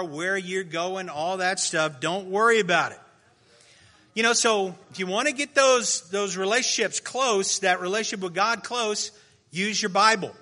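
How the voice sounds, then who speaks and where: A middle-aged male pastor with a high, strikingly bright voice, delivering a sermon. He is animated, bursting into loud cries and then dropping to soft, quiet asides.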